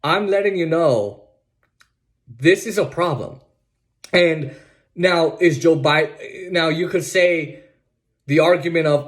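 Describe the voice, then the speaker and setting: Sarcastic, higher-voiced male podcast host. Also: a little slow. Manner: sarcastic and mocking, laughs at his own points; emphatic and repetitive, restarts sentences. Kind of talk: political commentary.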